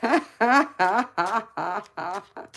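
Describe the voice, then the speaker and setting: A woman's voice: medium pitch, animated, very slow, fairly bright tone, a little hiss or hum. A woman hosting a tarot live stream, chatting casually with viewers, often teasing and calling them honey, baby and sweetheart.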